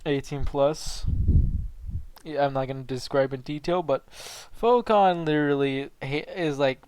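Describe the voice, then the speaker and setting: A man's voice: a little high, measured pace, a little mellow, clean tone, no room sound. A man casually telling an improvised fan story, rambling and swearing as he talks. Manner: rambling, profane, offhand.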